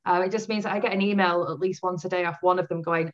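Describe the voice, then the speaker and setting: A woman's voice: fairly low pitch, fairly even intonation, fast. A woman author chatting casually in an interview, laughing often as she talks. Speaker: author guest. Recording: dull lo-fi audio.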